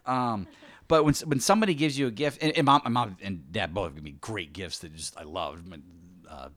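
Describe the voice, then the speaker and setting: A man co-hosting a casual faith discussion, telling stories with lively asides and acting out quoted speech. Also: on the low side, fairly quick. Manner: animated storytelling, acts out quoted speech.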